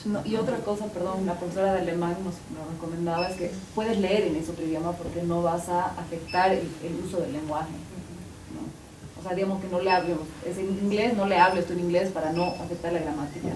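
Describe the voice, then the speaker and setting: A woman, a parent, explaining rapidly in a casual way. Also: lowish voice, fairly even intonation. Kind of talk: casual group discussion. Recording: distant, echoey, noisy room.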